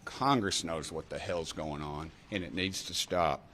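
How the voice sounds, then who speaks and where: A man's voice: low-pitched, unhurried, fairly bright tone, slight background noise. Folksy fired-up East Tennessee man. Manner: folksy and fired-up, punchy repeated refrains. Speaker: congressman. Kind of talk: fiery press conference remarks.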